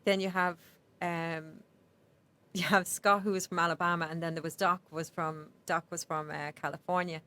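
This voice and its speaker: Irish woman, middle-aged, podcast guest, lowish voice, chatty, laughs a lot. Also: flat delivery, normal speed, sharp tone. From Ireland. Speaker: podcast guest, nonprofit founder. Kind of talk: casual interview chat.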